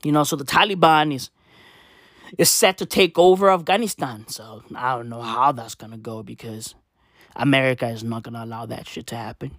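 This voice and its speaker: A man's voice: mid-range voice, brisk, a bit bright, no room sound, clean studio sound. A man in a profane, rambling comedic rant who repeats his phrases and swears constantly. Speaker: vlogger.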